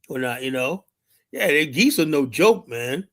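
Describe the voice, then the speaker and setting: Guy on a live stream rambling on, kinda high voice, keeps saying "and whatnot". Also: lively intonation, fairly quick, a bit bright. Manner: rambling, storytelling, lots of fillers like "and whatnot". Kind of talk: casual chat to a live chat. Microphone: streaming mic.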